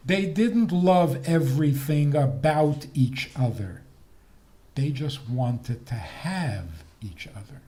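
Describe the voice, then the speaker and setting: Older guy rabbi giving a talk, slow, voice swings up and down a lot. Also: medium pitch. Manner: lively, teasing, slow deliberate delivery with laughs. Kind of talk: recorded talk on faith and marriage.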